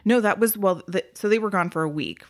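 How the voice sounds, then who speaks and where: A woman speaking in a casual podcast chat, telling an emotional story and slowing down, going soft at the heavy moments. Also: mid-range voice. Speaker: former group home worker.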